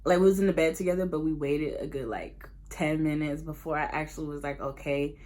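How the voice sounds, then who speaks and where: A young woman, telling a candid, animated personal story as a casual storytime vlog, full of slang and laughter. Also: deep voice, a little fast. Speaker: vlogger.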